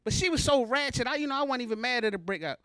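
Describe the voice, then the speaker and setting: A man's voice: very high voice, expressive, racing, fairly bright tone, no echo, clean studio sound. A man from Baltimore performing a stand-up comedy set on stage, talking in a loose, conversational, self-mocking way. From Baltimore, USA. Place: comedy show stage before a live audience.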